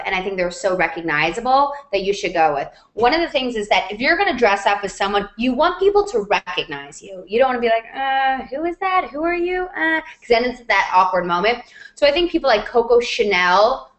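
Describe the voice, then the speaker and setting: A woman chats through viewer questions over a video call in an upbeat, rambling way. Her voice sits at an ordinary middle pitch. The room gives it a hollow, echoey ring. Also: fairly bright tone. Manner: chatty and upbeat, with many fillers and asides. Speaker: DIY blog host answering viewer questions. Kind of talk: casual chat. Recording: roomy echo on a video call.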